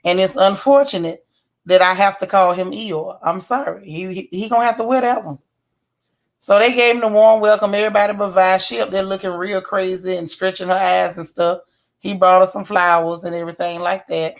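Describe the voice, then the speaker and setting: A woman, recapping a TV episode in a sassy, animated way and chatting with her live viewers. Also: medium pitch, a little fast. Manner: sassy, animated storytelling with mock quotes. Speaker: YouTube TV show reviewer. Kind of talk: casual live-stream recap talking to chat.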